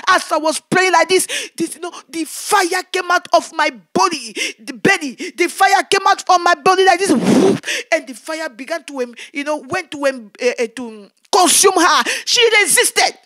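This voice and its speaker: A woman evangelist telling a testimony in fervent preaching, shouting her prayers and recounting events vividly. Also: extremely high pitch, normal speed, few pauses, no echo, clean studio sound.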